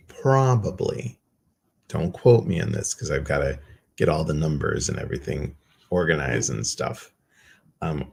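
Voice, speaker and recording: Casual male livestream host with a deep, husky voice, loose and self-teasing. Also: a little mellow. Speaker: meditation group host.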